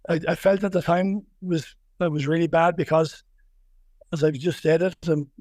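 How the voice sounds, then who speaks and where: A middle-aged man with a strong Wexford Irish accent talks in a relaxed, rambling way, stacking restarts and repeated words. His voice sits a little high for a man. The sound is close and dry. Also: moderate pace, no room sound. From Ireland. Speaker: boxing coach, guest. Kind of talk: casual podcast interview.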